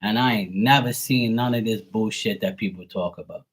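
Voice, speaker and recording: Blunt, profane man with a husky voice. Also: on the low side, normal speed. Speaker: psychic medium and tarot reader. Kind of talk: casual livestream rant.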